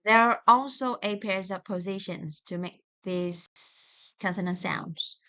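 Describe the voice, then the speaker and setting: A woman's voice: medium pitch, a bit bright. A woman teaching English pronunciation in a recorded video lesson, saying example words one at a time and explaining plainly, with small restarts. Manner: slow, deliberate, modelling words one by one. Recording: dull lo-fi recording.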